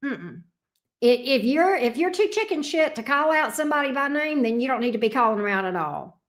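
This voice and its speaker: A woman's voice: high-pitched, lively intonation, a little fast. Blunt, profane woman chatting on a livestream. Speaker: tarot reader and livestream host. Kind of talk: casual livestream chat reading viewer comments.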